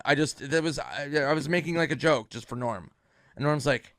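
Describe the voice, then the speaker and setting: A man's voice: fairly high pitch, fairly quick, no room sound, studio quality. A man, a talk show guest, telling an anecdote and acting out each person in it. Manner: animated, acting out the people in his story. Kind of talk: casual storytelling.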